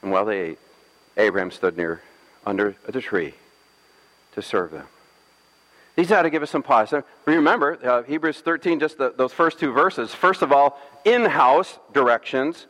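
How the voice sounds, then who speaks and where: A man's voice: mid-range voice, moderate pace, a bit bright. Guy preaching a sermon, joking around as he tells the story, big echoey church sound. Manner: playful storytelling, acting out scripture with jokes. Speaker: pastor.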